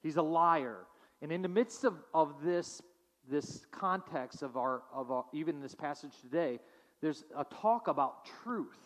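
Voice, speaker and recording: A fairly high-voiced man preaching a sermon in a church sanctuary. He reads scripture, then explains it in a loose, conversational way with restarts and fillers. His voice rings with the long reverb of a big hall. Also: lively intonation, measured pace, fairly bright tone. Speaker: pastor.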